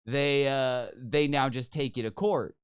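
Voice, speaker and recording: A man's voice: medium pitch, steady tone, unhurried, clear, resonant tone, dry recording, studio quality. A man co-hosting a casual podcast, loose and chatty, laughing easily and slipping into mock voices. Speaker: podcast co-host. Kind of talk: casual chat.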